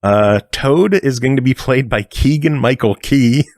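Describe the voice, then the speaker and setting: A man's voice: medium pitch, very animated, dry recording. Podcast host, male, casual news rundown, dry close mic. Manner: brisk news rundown with fillers and swearing.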